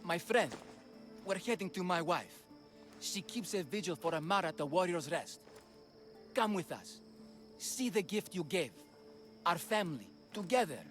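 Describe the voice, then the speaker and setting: A man's voice: sits high, animated, moderate pace, long pauses, fairly bright tone. An actor playing a bumbling, cheerful father in a Minotaur costume in a video game, with an eager, theatrical manner. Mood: warm. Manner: theatrical, eager, boastful roaring. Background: game music.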